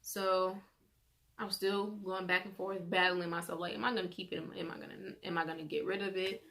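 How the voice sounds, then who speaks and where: A teenage girl telling a personal story in a chatty vlog, animated as she quotes the people involved. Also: on the low side, brisk, a little hiss or hum. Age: teens. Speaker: vlogger.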